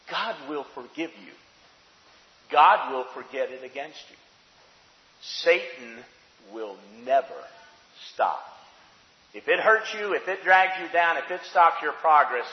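A man preaching a sermon, rising to shouted emphasis and dropping to quiet, slow confession. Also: mid-range voice. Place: church sanctuary. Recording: echoey hall, dull sound.

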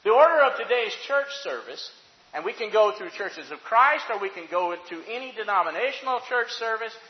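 A man's voice: high voice, animated, normal speed. A man preaching a sermon, emphatic and full of rhetorical questions, in a church sanctuary. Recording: dull, echoey hall recording.

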